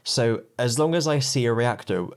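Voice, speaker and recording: A man's voice: mid-range voice, moderate pace. A man co-hosting a casual podcast in a middling voice. His talk is wry and rambling, and he often laughs at his own jokes. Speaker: podcast co-host. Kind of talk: casual comedic chat.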